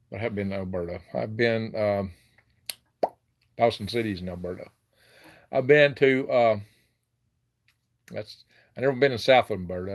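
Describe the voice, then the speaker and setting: An older man with a Southern US accent hosting a casual live chat into a handheld phone, folksy and chuckling often. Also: lowish voice. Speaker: livestream host.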